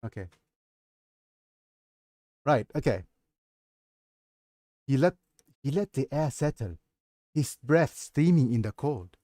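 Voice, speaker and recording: Brief: Nigerian-accented male streamer reading his novel, warm mellow tone, dry close sound, chatty asides. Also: medium pitch, animated, slow pace, long pauses, dry recording. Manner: breaks off to comment and laugh at himself. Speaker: streamer and author. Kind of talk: reading his own novel aloud on a livestream.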